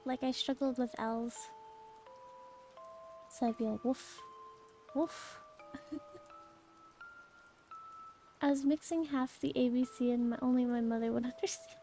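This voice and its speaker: A woman's voice: high-pitched, mellow. A young woman streamer chatting casually and rambling, laughing often and answering chat.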